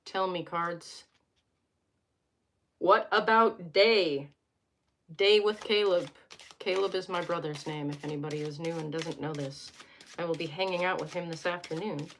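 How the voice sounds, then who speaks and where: Slow-talking young woman chatting on a live stream. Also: fairly low pitch, a bit bright, slight background noise. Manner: chatty, joking, wandering asides while reading cards. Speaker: host of a live stream tarot reading. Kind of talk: casual live-stream chat. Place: at home.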